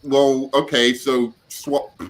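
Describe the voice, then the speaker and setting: A man's voice: medium pitch, little pitch movement, slow, noisy background. A man on a live chat panel, making wry, sarcastic remarks. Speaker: panel guest.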